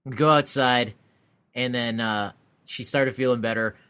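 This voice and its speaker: A man's voice: mid-range voice, a little slow, clean tone. A man co-hosting a podcast, telling a long frustrated story in casual chat, swearing freely and acting out the people he met. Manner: animated ranting storyteller, swears a lot. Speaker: podcast co-host; convention exhibitor.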